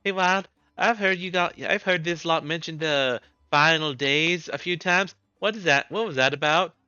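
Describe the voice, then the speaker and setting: Eager nosy young woman, a man puts it on, pitched up and loud, muffled audio. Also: normal speed, clear, resonant tone, no room sound. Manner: eager, prodding. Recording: muffled with faint game music.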